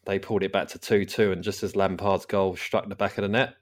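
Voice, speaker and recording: Podcast host, man, deep low voice, rambling and laughing. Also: little pitch movement, fairly quick. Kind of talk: casual chat.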